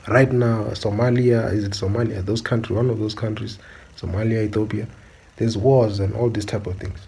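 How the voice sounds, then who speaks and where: Male host, mellow husky tone, preachy opinion commentary. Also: on the low side, rough recording. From South Africa. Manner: preachy, repeatedly asks "do you understand?". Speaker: channel host.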